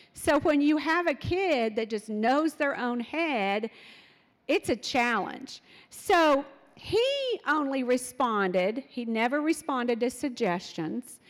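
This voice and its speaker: A middle-aged woman telling parenting stories in an animated way, acting out what her children said. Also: high voice, long reverb tail. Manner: animated, acts out quotes of her kids. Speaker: speaker sharing parenting stories. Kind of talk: storytelling talk.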